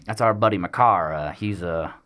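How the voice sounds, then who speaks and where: A man voicing a slow-witted male drunk who rambles hesitantly with many fillers. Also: low-pitched, sharp tone. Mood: sheepish.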